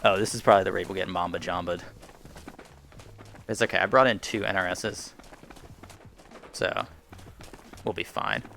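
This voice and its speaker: A man's voice: low voice, steady tone, normal speed, creaky, pauses often, bright, forceful tone, a little hiss or hum. A man casually commenting on his VR shooter gameplay, rambling and self-deprecating, chuckling as he goes, on a headset mic at home. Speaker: gaming YouTuber. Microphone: headset boom mic.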